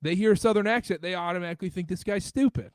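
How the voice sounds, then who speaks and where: A man from the American South hosting a casual sports podcast, talking in an animated way and jumping up in pitch when excited. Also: racing, clear, resonant tone, no echo. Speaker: podcast host.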